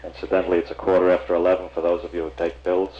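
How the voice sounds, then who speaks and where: A man's voice: sits low, completely flat delivery, very fast, highs cut off. A man doing a stand-up routine, chatting with the audience in a confiding storyteller's manner. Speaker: comedian and emcee.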